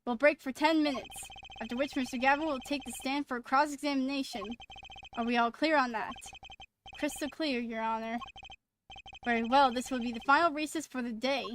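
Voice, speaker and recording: Firm formal old judge read by a woman, high bright voice. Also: steady tone, a little fast, a little hiss or hum. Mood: stern. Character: stern older male judge.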